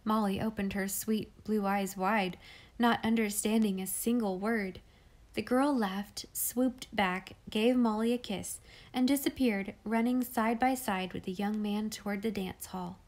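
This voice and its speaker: A woman reading a classic children's novel aloud in clear, measured storytelling. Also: mid-range voice, fairly even intonation, a little mellow. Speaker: audiobook reader.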